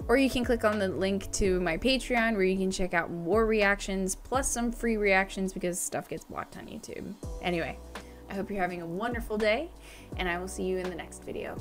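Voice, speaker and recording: An upbeat woman hosting a reaction video, speaking casually to her viewers as a flute teacher. Her voice sits at an ordinary middle pitch, with faint music playing softly behind her. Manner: upbeat, chatty, wraps up with viewer call-outs.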